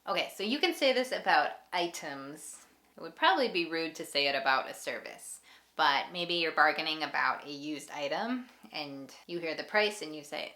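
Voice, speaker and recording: A woman teaching an English lesson, speaking slowly and clearly and repeating example phrases. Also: deep voice, expressive, sharp tone. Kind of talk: ESL lesson.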